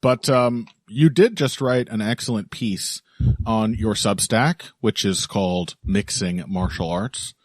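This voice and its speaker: A man's voice: fairly low pitch, unhurried, no room sound, clean studio sound. A man hosting a podcast in casual chat, joking and laughing often. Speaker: podcast host.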